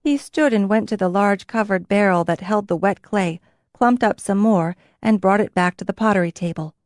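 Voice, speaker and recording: A woman at medium pitch narrates fantasy fiction from a script, her storytelling measured and level. The clean studio recording has no echo.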